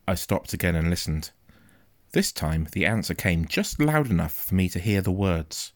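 A man narrating a first-person story in a quiet, measured, suspenseful way. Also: low-pitched, big pitch swings, dry recording, clean studio sound. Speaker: audiobook narrator.

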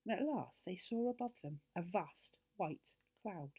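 A woman gently and expressively reading a children's book aloud as a storyteller. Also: lowish voice, lively intonation, measured pace, husky.

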